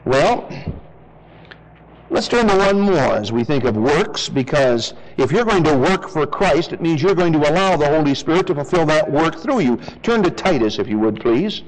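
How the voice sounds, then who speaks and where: A man's voice: a little high, lively intonation, moderate pace, in a large hall, rough recording. A man preaching a verse-by-verse Bible sermon, reading scripture aloud and explaining it to his congregation.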